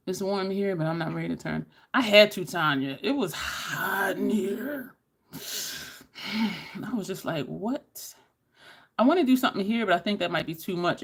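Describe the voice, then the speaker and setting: Chatty woman, lively voice. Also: lowish voice. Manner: chatty, storytelling, addresses viewers as y'all. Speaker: beauty YouTuber. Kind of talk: casual makeup chat with stories.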